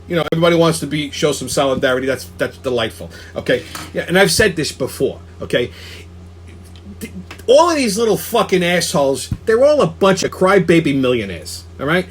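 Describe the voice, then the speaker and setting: A man's voice: fairly high pitch, a bit bright, breathy edge. A man hosting a weekly commentary show, ranting angrily and profanely, often stopping to ask "okay?" and stumbling over restarts. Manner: profane, combative, repeats "okay?" and restarts words. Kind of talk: angry opinion rant.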